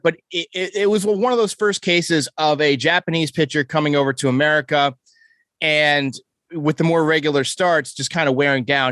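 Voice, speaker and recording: A man talks through a sports podcast in a slightly high, lively voice, piling up numbers and correcting himself mid-sentence. His voice sounds close and dry on the mic, with no room around it. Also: dry recording. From New York. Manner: stat-heavy, enthusiastic, self-correcting. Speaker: podcast host. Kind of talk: casual sports podcast chat.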